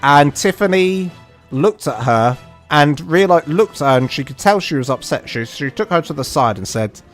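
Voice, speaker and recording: A British man streaming a game and telling a rambling story, animated and full of restarts and asides. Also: a little high, normal speed, soft background music. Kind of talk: casual storytelling on a livestream.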